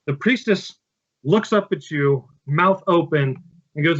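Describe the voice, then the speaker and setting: Casual male game master, slightly high. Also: unhurried, fairly bright tone. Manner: casual, plain narration with filler words. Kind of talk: narrating a tabletop game. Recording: slightly dull lo-fi sound.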